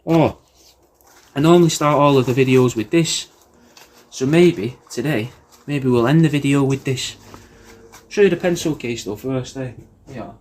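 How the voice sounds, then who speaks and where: A man's voice: mid-range voice, a little slow, long pauses, darkish tone. Sweary man roasting someone. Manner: sweary, rambling, mock-insulting, says "mate" constantly. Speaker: podcast host recording paid video messages. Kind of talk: comedic roast monologue.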